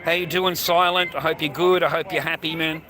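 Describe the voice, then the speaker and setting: A man's voice: a little high, fairly even intonation, brisk, crowd noise, poor audio. An Australian man rambling crudely on a livestream from a train station, swearing constantly and greeting viewers by name. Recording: faint street noise.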